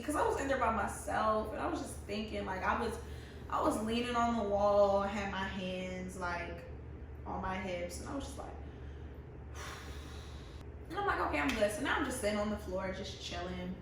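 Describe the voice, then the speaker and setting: A young woman in her twenties telling a casual, animated story as a vlogger, often laughing and acting out her friends' lines. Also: medium pitch, moderate pace, background noise. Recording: very echoey room, mic at a distance.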